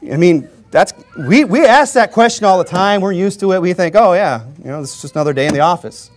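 Higher-voiced man preaching a joking sermon. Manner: informal and joking, often chuckling; emphatic, with rhetorical questions to the congregation. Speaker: Baptist preacher. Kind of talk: conversational sermon.

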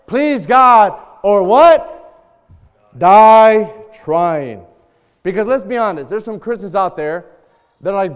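A man preaching a sermon, bantering loudly with the congregation in call and response. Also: sits high, sing-song, normal speed, smooth. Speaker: pastor. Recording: long hall reverb.

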